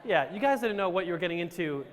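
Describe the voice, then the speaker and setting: A man's voice: high voice, expressive, fast, a little hiss or hum. A man from Romania telling his life story to a live audience with self-deprecating jokes and rambling restarts. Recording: reverberant hall.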